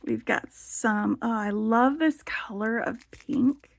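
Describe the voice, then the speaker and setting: A woman's voice: on the high side, slow. A woman hosting a casual show-and-tell vlog, chatty and enthusiastic, with lots of "like" fillers. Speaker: beading channel host.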